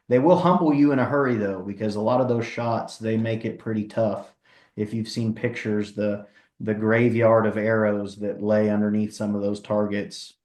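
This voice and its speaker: Flat-voiced, low folksy man. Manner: relaxed, folksy, reads out viewer questions. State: has the hiccups. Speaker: wildlife department presenter. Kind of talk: casual live Q&A.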